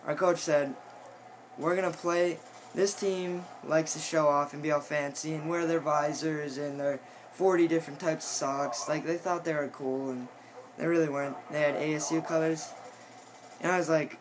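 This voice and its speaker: A teenage boy tells a long story in a casual vlog, rambling and doubling back on himself. His voice sits a little high for a guy. Faint noise hums behind him. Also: low-quality recording. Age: teens. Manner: rambling, lots of fillers and restarts. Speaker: high school football player.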